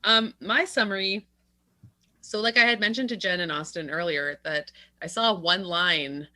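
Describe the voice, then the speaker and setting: A woman's voice: fairly low pitch, moderate pace, sharp tone, dry recording. A woman co-hosting a podcast in casual chat, laughing often and poking fun at herself. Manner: laughing, self-deprecating. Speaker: podcast co-host.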